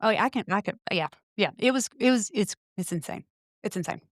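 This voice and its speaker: A middle-aged woman, a podcast guest, telling a spooky personal story in casual chat, breaking into loud quoted exclamations. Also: mid-range voice, expressive, a little fast, no room sound, clean studio sound.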